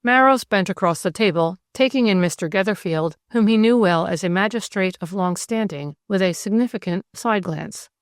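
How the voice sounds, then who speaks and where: A woman reading a classic mystery novel aloud as an audiobook narrator, in a measured, even storytelling manner. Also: mid-range voice, dry recording, clean studio sound.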